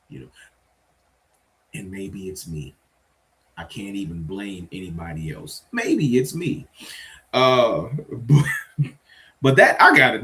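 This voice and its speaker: A man ranting casually to his viewers, exasperated and swearing, swinging between loud outbursts and low muttering. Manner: conversational, addresses viewers directly. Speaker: vlogger. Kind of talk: casual rant to camera.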